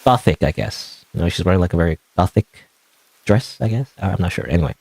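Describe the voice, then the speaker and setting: A man's voice: sits low, fast, creaky, a little mellow, breathy edge, no echo. A man casually commenting on a game while streaming, rambling and often unsure of himself. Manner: rambling, unsure, self-questioning.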